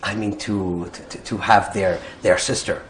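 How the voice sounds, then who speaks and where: A man's voice: on the low side, steady tone, measured pace. A man interviewing a guest, asking questions hesitantly with many fillers and repeated words.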